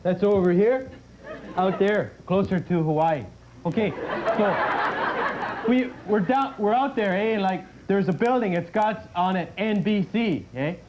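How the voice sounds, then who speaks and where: A man's voice: sits high, background noise. A man playing a dim, easygoing Canadian hoser with a Canadian accent, talking in a folksy way on a talk show. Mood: goofy. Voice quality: folksy, drawn-out, sprinkles every line with "eh". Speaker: sketch comedian. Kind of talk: in-character comedy bit. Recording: old broadcast tape with studio audience.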